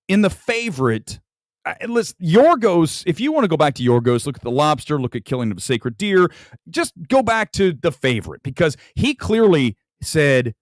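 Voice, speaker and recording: Man, furious live movie rant, lively swooping delivery, dry close sound, speaking at home late at night. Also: fairly high pitch, moderate pace, no room sound. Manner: furious, ranting, emphatic. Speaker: film critic host.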